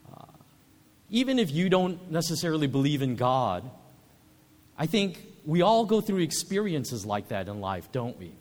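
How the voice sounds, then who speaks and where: A man preaching a sermon as pastor, measured and reflective, often pausing with filler sounds. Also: fairly high pitch, big pitch swings, big-room sound.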